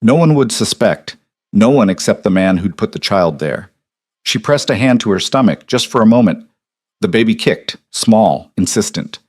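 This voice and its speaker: A man narrating a historical romance audiobook in an even, measured storytelling manner. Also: on the low side, dry recording, clean studio sound.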